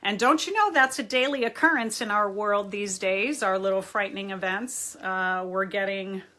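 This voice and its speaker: A woman's voice: mid-range voice, sharp tone. A woman from Southern California, a therapist hosting a casual live-stream chat from a home library, upbeat and chatty, greeting viewers by name. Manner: hyper, talks fast. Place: library room at home, indoors.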